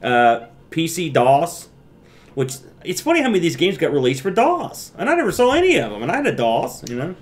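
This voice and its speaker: Male podcast co-host, slightly higher voice, jokey and animated, casual chat. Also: brisk. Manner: animated, jokey, acts out his own reactions.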